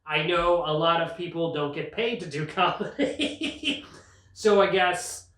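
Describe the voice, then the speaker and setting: Guy comedian riffing sarcastic monologue, kinda high voice, echoey room, mic a bit far. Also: measured pace, a bit bright. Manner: rambling, sarcastic, laughs at own jokes. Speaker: comedian host. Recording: roomy sound, mic at a distance.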